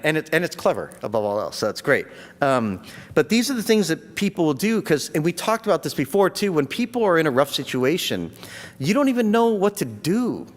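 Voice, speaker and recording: Animated man in a reverberant room. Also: a little high. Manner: animated and heartfelt, laughing often. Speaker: caregiver telling a personal story. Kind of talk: casual spoken storytelling. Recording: long reverb.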